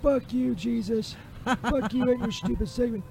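A grumpy old man in a wheelchair, who spits curses and insults in a high, strained voice with a soft, dark tone. He snaps at anyone who rushes him. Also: creaky, a little hiss or hum. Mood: furious. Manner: cursing, furious, shouting insults.

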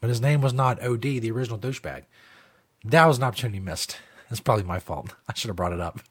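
A man's voice: medium pitch, fast, a bit bright, slightly rough. A man hosting a talk show, ranting bluntly and combatively with heavy profanity. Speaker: host. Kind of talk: opinionated talk show rant.

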